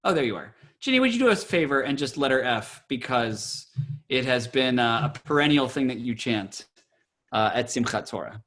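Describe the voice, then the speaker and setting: A man, a cantor, teaching a Torah trope class over a video call, explaining and then chanting words slowly. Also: medium pitch, lively intonation, fairly bright tone. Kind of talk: online Torah trope lesson.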